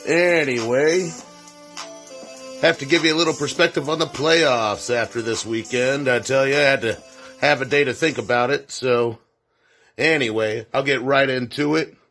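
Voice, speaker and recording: A man's voice: medium pitch, steady tone, moderate pace, fairly bright tone, soft background music. Rambling folksy male sports co-host. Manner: rambling, self-correcting, folksy asides. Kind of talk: casual sports commentary segment.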